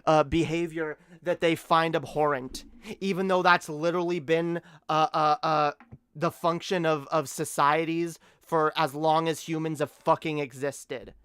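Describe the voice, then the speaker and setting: A man's voice: fairly high pitch, steady tone, measured pace, a bit bright, smooth, no room sound, clean studio sound. A man streaming a reaction commentary, ranting with lots of swearing and stammering.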